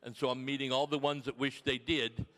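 A man's voice: medium pitch, level tone, brisk. Older man testifying in a reverberant hall. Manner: homely storytelling with gentle humour. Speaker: church member giving a mission testimony. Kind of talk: folksy testimony to a congregation. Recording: long reverb of a large hall.

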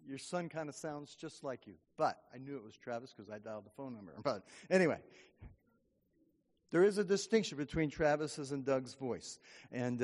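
A man's voice: mid-range voice, darkish tone. A man preaching a sermon as pastor, in a folksy, conversational way, often checking in with the congregation. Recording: long hall reverb.

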